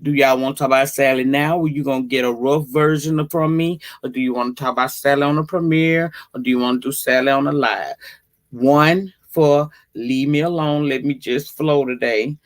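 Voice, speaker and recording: A woman hosting a casual livestream, greeting viewers by name and chatting in a profane, drawn-out way. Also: a bass voice, steady tone. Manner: slow, drawn-out delivery. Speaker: livestream host.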